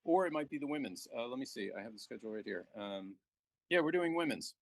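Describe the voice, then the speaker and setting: A man commentating a live backgammon match, joking and relaxed as he banters with his co-host. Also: mid-range voice, fast, no room sound.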